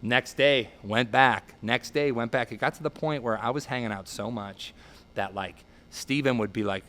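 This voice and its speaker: A man in his thirties casually telling stories in an interview, animated and often quoting others in acted voices. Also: medium pitch, normal speed, a little hiss or hum. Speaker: guest musician.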